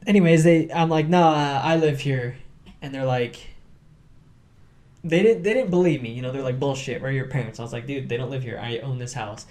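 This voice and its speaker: A young man hosting a podcast, telling stories in a casual, animated way, acting out quotes and laughing often. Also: mid-range voice, fairly quick. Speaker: podcast host. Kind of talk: casual storytelling chat.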